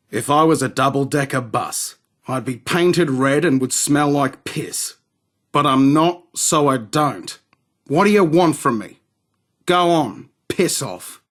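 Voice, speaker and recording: A man with a medium-pitched, fairly bright voice plays a game character, a cocky, crude arms dealer from London. His game voice acting is swaggering, sardonic and rude.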